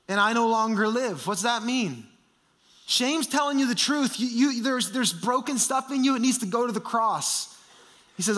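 A male preacher delivering an impassioned sermon in a high, bright voice. He swings from loud, fervent declarations to hushed, intense passages.

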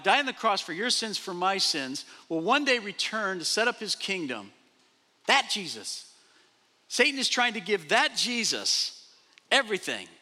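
A man pastor preaching a sermon, animated, repeating phrases and acting out quoted speech. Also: high-pitched. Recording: long reverb of a large hall.

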